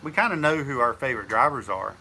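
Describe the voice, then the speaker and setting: A man's voice: medium pitch, animated, fast talker, over music, rough recording. A man hosting a casual live chat, laid-back and chuckling, with a slight cold. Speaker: host.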